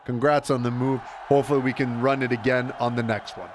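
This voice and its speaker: A man co-hosting a sports podcast, joking around with playful hype and drawn-out plugs. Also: medium pitch, level tone, background noise. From Canada. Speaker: podcast co-host. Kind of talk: casual sports banter.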